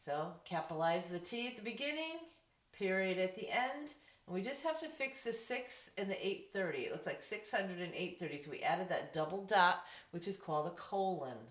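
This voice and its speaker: A middle-aged woman with a fairly low, animated voice teaches a recorded lesson from home. She's patient, sounding out words slowly for young pupils in an echoey room.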